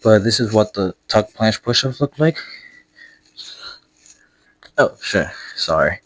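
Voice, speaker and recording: A man's voice: fairly low pitch, lively intonation, takes it slowly, a bit bright, dry recording. A young man demonstrating a calisthenics workout and explaining each move, out of breath from exercising, with many fillers and restarts. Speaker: fitness vlogger.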